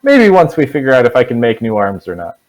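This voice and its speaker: A man voicing a wry male adventurer who lost an arm, with a dry, teasing, drawn-out delivery. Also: medium pitch, huge pitch swings, rough recording.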